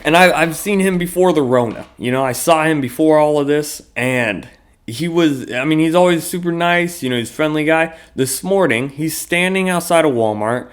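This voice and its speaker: A man's voice: a little high, normal speed, smooth. Rambling, swearing man hosting a podcast. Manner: rambling, loose and profane, heavy with fillers. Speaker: podcast host. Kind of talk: casual solo podcast monologue.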